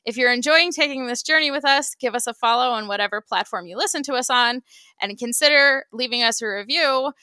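A woman's voice: a little high, fairly quick, sharp tone, smooth, dry recording, studio quality. A woman co-hosting a podcast. She does the casual sign-off, gushing and tripping over her words. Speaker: podcast co-host.

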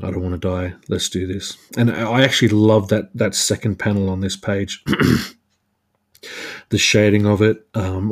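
A man hosting a solo podcast, chatting casually about a comic book with lots of fillers and restarts. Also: on the low side. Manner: rambling, many fillers and restarts. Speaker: podcast host.

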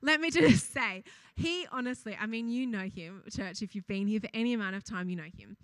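A woman's voice: medium pitch, a little fast, a bit bright, no room sound. A young woman giving a casual sermon at church, chatty and giggly, often breaking off to laugh and reading funny stories to the congregation. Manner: reads funny anecdotes aloud to the congregation. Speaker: church speaker.

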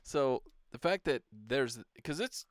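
An easygoing man with a mid-range voice talks casually and laughs often, his pitch moving lively through his sentences. The recording is dry and close. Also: takes it slowly, no echo. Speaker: podcast co-host. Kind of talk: casual chat.

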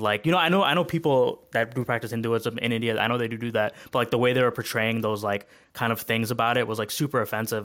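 Brief: male co-host, rapid filler-heavy delivery, passionate, smooth clear voice, slightly low. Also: a bit bright. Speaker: podcast co-host. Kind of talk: casual chat.

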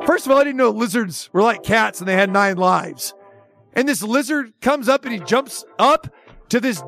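High pitched gravelly guy ranting about sports, sarcastic and fed up. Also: fairly bright tone. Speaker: sports radio host.

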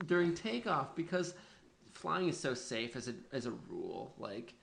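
A man co-hosting a podcast, chiming in with lively quips. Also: medium pitch, moderate pace, gravelly, slight background noise. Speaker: podcast co-host. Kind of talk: casual podcast chat.

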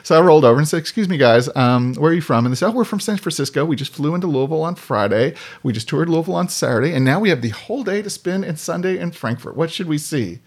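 A man's voice: a little high, expressive, fast talker, hardly any pauses. A man telling stories in casual conversation, animatedly acting out the voices of people in his anecdotes. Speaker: podcast guest. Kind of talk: casual storytelling.

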